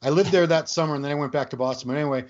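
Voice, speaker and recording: An easygoing man recounts a memory with self-deprecating humor, his voice sitting a little high for a man. The audio is dull and lo-fi. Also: racing. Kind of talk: casual storytelling chat.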